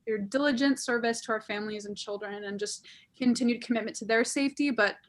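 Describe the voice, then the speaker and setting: A woman speaking for a council office gives an earnest, grateful update over a video call. Her voice sits fairly high. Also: fast talker. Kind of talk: meeting report.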